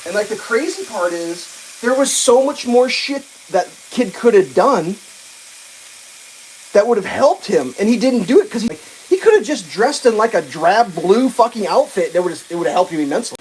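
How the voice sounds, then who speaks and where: A woman's voice: mid-range voice, animated, normal speed, darkish tone, slight background noise, low-quality recording. A woman hosting a livestream, ranting casually with profanity, many restarts and exasperated asides. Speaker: livestream host.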